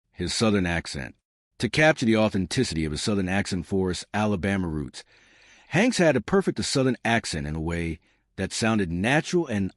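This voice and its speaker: A man's voice: fairly low pitch, no echo, studio quality. A man reading scripted narration for a countdown list video.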